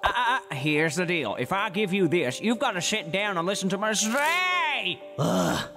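A man's voice: high voice, very animated, moderate pace, sharp tone, exaggerated voice. A man voicing a smug, sinister talking flower in a fan cartoon parody, mocking and calling everyone child. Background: music.

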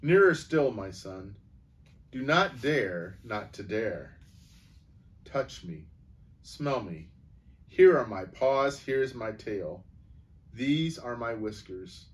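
A man's voice: medium pitch, lively intonation. A man reading a solemn, wise old lion. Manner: solemn, slow and measured. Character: great wise gentle male lion.

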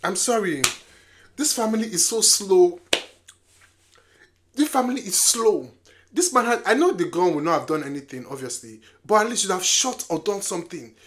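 A movie reaction vlogger chatting casually, talking back to the screen and shouting warnings at the characters. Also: mid-range voice, animated, moderate pace. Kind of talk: casual live reaction to a film. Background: film soundtrack music playing.

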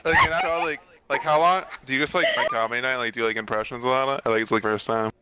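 A woman's voice: extremely low pitch, quick pace, background noise. A woman in casual online voice chat, rambling and full of fillers.

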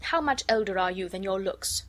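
A woman's voice: mid-range voice, expressive, normal speed, a bit bright, lightly acted. A woman reading the lines of a vengeful, unyielding male moneylender in a storybook, with little change from her own voice. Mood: insistent.

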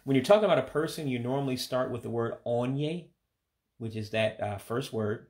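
Man slowly teaching vocabulary. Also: medium pitch, darkish tone. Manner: slow, careful repetition of words; hesitant with fillers. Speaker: language learner teaching vocabulary. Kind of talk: casual vocabulary lesson.

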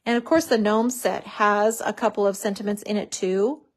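A woman's voice: medium pitch, steady tone, normal speed. A woman hosting a craft tutorial, chatting casually and gushing over how cute everything is as she works.

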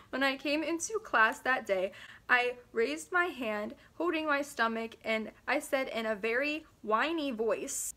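A young woman with a high, sharp, bright voice chats casually to camera, giggling and teasing herself as she reads out old school papers. Her delivery is playful and self-mocking, with a sarcastic edge. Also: unhurried. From Pennsylvania, US. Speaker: vlogger. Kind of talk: casual vlog chat, reading old school papers aloud.

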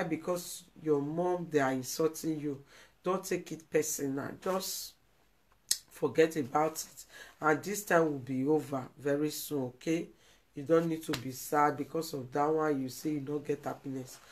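A Nigerian woman hosts a live video, giving emotional live-stream commentary in a pleading way and repeating herself. Her voice sits low and sounds a little mellow.

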